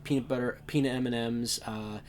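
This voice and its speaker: A man answering interview questions in a trailer on a TV set, easygoing and relaxed, with hesitant fillers. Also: mid-range voice, a little fast, slight background noise. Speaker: interview guest.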